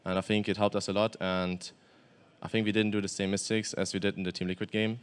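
Young german guy talking after a match, kinda low voice, real clean sound, lots of uh and restarts. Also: flat delivery, clear, resonant tone. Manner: quick, matter-of-fact answers with many fillers and restarts. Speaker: pro esports player, interview guest. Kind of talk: post-game interview.

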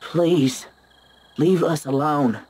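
A man's voice: a little high, drawn-out words, darkish tone, a little hiss or hum. A man playing a frightened townsman in a horror game who pleads nervously with a stranger. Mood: pleading.

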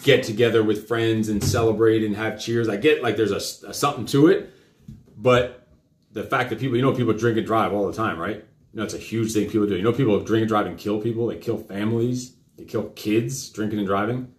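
A middle-aged man hosting a live talk show, lecturing his child in a fast, rambling way full of questions. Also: lowish voice, steady tone. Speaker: host. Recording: roomy echo.

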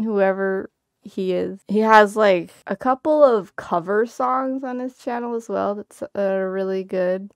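Woman, reaction host, slow unhurried talk, dry close sound, exclamatory and slangy. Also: mid-range voice, no room sound. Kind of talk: casual reaction commentary.

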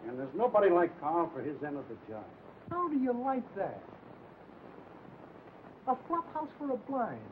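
Tough old-movie crook, slangy, highish lively voice, phone-thin hissy sound. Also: male voice, moderate pace, pauses often. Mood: gruff. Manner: streetwise slang. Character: tough-talking male crook, middle-aged. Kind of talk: 1940s film acting. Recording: tinny old film soundtrack with hiss.

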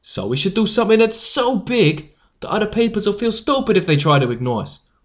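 A man's voice: high voice, big pitch swings, brisk. A man voicing a confident teenage newsboy strike leader who talks in a rousing, eager way.

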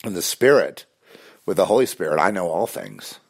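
A man's voice: low voice, wildly swooping pitch, moderate pace, vocal fry, breathy edge. A man talking intensely in a rambling spiritual monologue, full of restarts and fillers.

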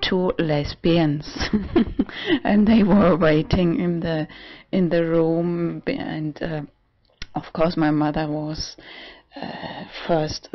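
A trans man in his forties talking casually in a vlog. He is halting and often breaks into laughter. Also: on the high side, vocal fry, lo-fi sound. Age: 40s. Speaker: vlogger.

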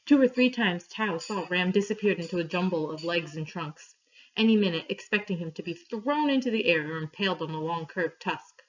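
Woman reading a story to a class. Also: on the low side. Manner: clear, steady reading with pauses for questions. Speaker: teacher reading a story aloud. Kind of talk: read-aloud story for a class. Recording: dull lo-fi recording.

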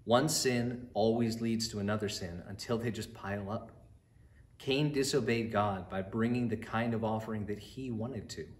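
A man's voice: fairly low pitch, moderate pace. Earnest man telling a Bible bedtime story. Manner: earnest, addresses children directly. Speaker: church storyteller. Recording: roomy echo.

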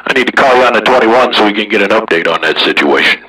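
A man's voice: fairly low pitch, pushed and bright, slightly rough, recorded from a distance, low-quality recording. Boastful drawling man on the radio. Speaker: CB radio operator hosting the channel. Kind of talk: casual radio chat.

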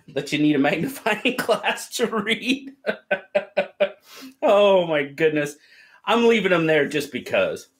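A man's voice: fairly high pitch, a bit bright. A man hosting a casual live stream, cheerfully greeting viewers by name and chatting about their gear.

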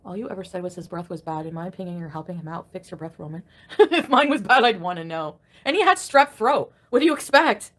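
A woman's voice: on the low side, expressive, fast talker. Foul-mouthed woman ranting on a live stream. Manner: angry, profane venting with sharp loud outbursts. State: crabby and irritated. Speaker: livestreamer. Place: at home.

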